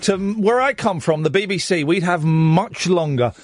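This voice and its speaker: A man's voice: sits high, moderate pace, dry recording. A man, hosting a late-night radio phone-in in a chatty, self-mocking way. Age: 40s. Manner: chatty, self-mocking, lively banter with the studio team.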